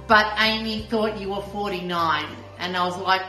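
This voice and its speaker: A woman's voice: medium pitch, steady tone, normal speed, sharp tone, echoey room, soft background music, poor audio. A woman, chatting and joking in a casual birthday video message. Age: 50s. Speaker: friend sending a birthday message.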